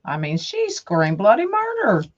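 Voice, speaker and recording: A woman's voice: mid-range voice, wildly swooping pitch, a little slow, highs cut off, slight background noise. A middle-aged woman who hosts a craft livestream, chatting with viewers by name and thinking aloud as she works. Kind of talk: casual livestream chat while crafting.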